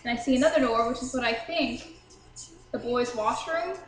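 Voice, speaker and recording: A woman's voice: a little high, normal speed. Young woman, casual vlog storytelling, chatty and profane, roomy echo. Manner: chatty, swears freely, laughs at herself. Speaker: vlogger.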